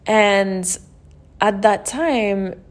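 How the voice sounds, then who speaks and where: A woman with a medium-pitched voice speaks extremely slowly as a podcast host. She shares a personal story openly and emotionally, often using "like" and "you know."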